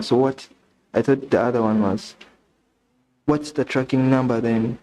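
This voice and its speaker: A young man with a Ugandan English accent, chatting casually on a live stream, reading messages aloud and thinking out loud with restarts and questions. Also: medium pitch, fairly even intonation, a little slow, pauses often, a little hiss or hum, low-quality recording.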